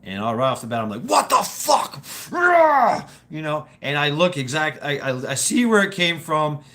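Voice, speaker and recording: A man's voice: fairly high pitch, animated, brisk, pushed and bright. A man talking casually to his viewers in a rambling monologue, stammering and repeating words, swearing freely and laughing as he goes.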